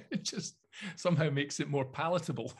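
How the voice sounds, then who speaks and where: A Scottish man co-hosting a podcast, explaining things in an animated, opinionated way with frequent chuckles. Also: on the high side, moderate pace, slightly rough. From Scotland. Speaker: podcast co-host. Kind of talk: casual chat.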